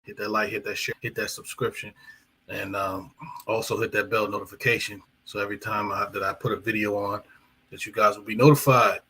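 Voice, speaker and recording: Speaking briskly in a lowish, level voice that sounds pushed and bright with a breathy edge, a boxing channel host rambles through live-stream commentary. He leans on fillers and fixes himself mid-sentence, and the audio quality is low.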